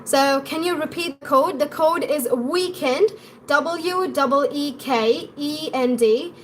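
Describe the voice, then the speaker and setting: A young woman with an acquired British accent, answering viewer questions as an English pronunciation coach in a live stream, in a quick, chatty way. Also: high voice, slight background noise.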